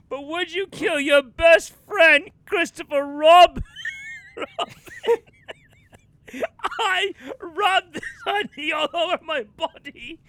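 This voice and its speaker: A woman's voice: very high-pitched, pushed and bright, dry recording, voice pushed up, full character voice. A woman playing an overdramatic male actor in an improvised comedy bit, wailing every line with tearful, theatrical melodrama. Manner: wailing, over-the-top melodrama.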